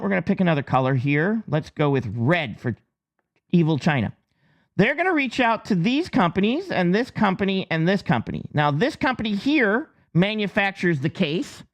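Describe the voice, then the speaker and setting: A man from the United States hosting his channel, casually explaining something with on-screen drawings, joking and checking in with "okay?" as he goes. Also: sits high. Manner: joking, chatty, lots of restarts and "okay?" check-ins. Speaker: channel host.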